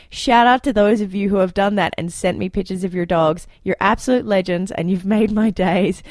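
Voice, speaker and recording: A woman's voice: mid-range voice, darkish tone, no echo, clean studio sound. A young woman with an Australian accent hosting a political podcast in a playful, casual chat, laughing often. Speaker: podcast host.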